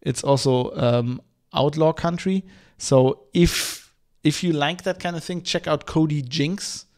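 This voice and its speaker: A hoarse male podcast host talks on his own in a loose, rambling way, swearing and restarting his sentences. His voice sits a little higher than most men's and has a gravelly fry. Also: fairly even intonation, takes it slowly, a little mellow. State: hoarse from hay fever. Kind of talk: casual solo podcast chat.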